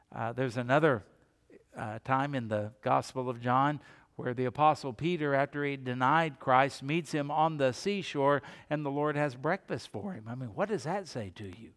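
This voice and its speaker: A man's voice: medium pitch, moderate pace, fairly bright tone, big-room sound. A male pastor preaching a sermon, building emphasis with rhetorical questions and repeated phrases.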